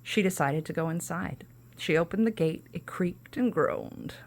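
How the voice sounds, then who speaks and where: A woman's voice: on the low side, a little slow. A woman podcast host reading a children's storybook aloud, with casual asides between the narration.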